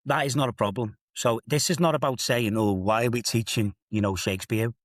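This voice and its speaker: A mid-range, steady male voice at a brisk pace, recorded dry with clean studio sound. He's an English assistant head teacher in his fifties with a Liverpool accent, telling stories in a podcast discussion and adding emphatic, rhetorical asides.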